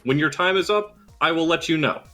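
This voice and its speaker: A man moderates a mock debate in a formal, announcer-like way. His voice sits notably high for a man. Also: brisk, fairly bright tone, soft background music. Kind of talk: mock political debate on voice chat.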